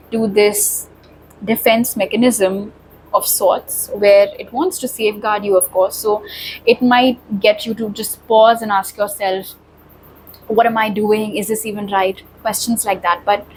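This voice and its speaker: A woman's voice: on the high side, a little hiss or hum, poor audio. A woman giving a pick-a-card tarot reading, talking straight to viewers in a reassuring way. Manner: reassuring, addresses viewers directly. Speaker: tarot reader.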